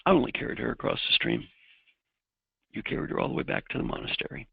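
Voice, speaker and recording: Unbothered monk, casual, gravelly; a man voicing him in a story. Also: mid-range voice, lively intonation, fast talker, dry recording, muffled recording, heavily acted. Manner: casual, shrugging replies. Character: easygoing male monk, unbothered.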